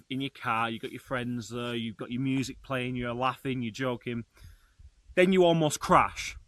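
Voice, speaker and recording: A man, a travel vlogger, telling a story to camera in a lively, chatty way and talking straight to his viewers. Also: mid-range voice, no room sound.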